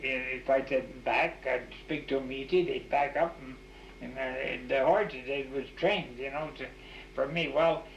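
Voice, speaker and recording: Older man, gravelly, folksy rambling interviewee; echoey, muffled old tape. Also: medium pitch, a little slow, slight background noise. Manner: folksy, full of restarts and "you know". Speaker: oral history interviewee. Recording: echoey, dull 1989 tape recording.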